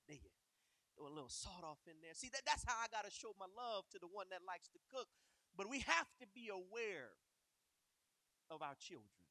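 A man teaching a Sunday school Bible lesson, animated and acting out the story in character voices. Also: high voice, no echo, poor audio.

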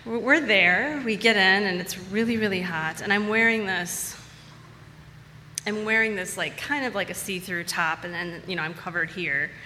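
Bright-voiced woman telling a story. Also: medium pitch, moderate pace, in a large hall, a little hiss or hum. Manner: casual and chatty, repeats words for emphasis. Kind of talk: personal story told to a live audience.

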